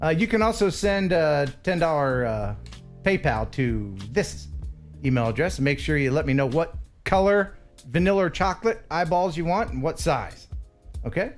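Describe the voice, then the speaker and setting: An American man hosting a casual live stream, playful and quick to laugh as he reads viewer messages. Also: a little high, lively intonation, soft background music.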